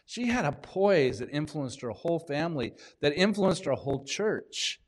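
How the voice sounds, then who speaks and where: A man, a pastor, giving a sermon in a conversational, unhurried way, with pauses and small restarts. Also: on the high side, expressive. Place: church in Washington State.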